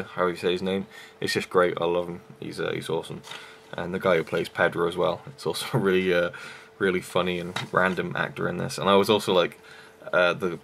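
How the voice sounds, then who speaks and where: Young guy rambling about a movie he loves, deep gravelly voice, lots of ums and likes, faint hiss behind. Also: fairly bright tone. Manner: rambling, enthusiastic, many fillers. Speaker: film reviewer. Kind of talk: casual vlog review.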